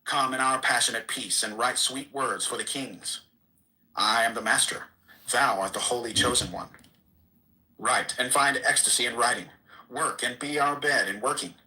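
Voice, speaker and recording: A man's voice: medium pitch, moderate pace, sharp tone, low-quality recording. A man giving a solemn, declamatory reading of an archaic scriptural text. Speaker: reader.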